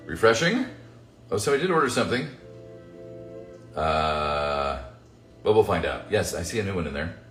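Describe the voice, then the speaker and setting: A man's voice: very deep voice, fairly bright tone. A man who voices characters, answering fan questions in a casual livestream Q&A. He jokes, swears casually and reads the chat aloud. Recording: roomy echo with faint music.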